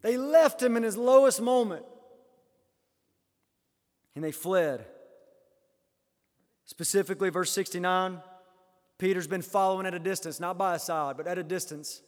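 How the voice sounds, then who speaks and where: Guy preaching w a high voice, dramatic, big hall echo. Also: normal speed, long pauses. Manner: dramatic, acts out quoted lines, swings from loud to hushed. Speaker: pastor. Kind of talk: sermon. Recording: hall reverb.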